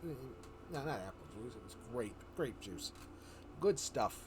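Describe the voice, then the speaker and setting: A man on a livestream telling a story in a loose, rambling way, often correcting himself and slipping into quick voices for the characters. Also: medium pitch, animated, noisy background. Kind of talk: casual storytelling chat.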